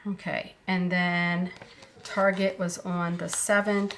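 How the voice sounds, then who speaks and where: A woman talking casually through her budget planner, unhurried and thinking aloud with fillers as she goes. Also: lowish voice, level tone, a bit bright. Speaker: planner vlogger.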